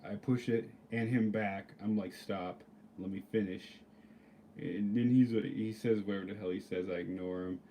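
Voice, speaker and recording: A man tells a workplace story straight to the camera in a loose, profane ramble, full of "like" and "you know". His voice sits on the low side and has a dark, mellow tone. There is a faint hum of ambience behind him. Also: fairly even intonation, moderate pace. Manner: rambling, profane, lots of "like" fillers. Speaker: vlogger. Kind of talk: casual storytelling rant.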